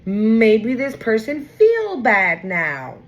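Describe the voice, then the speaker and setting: A woman's voice: a little high, extremely slow, highs cut off. Blunt, slangy woman reading tarot. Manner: blunt, slangy, swears freely; animated, acts out quoted voices. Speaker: tarot reader. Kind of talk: casual spoken tarot reading.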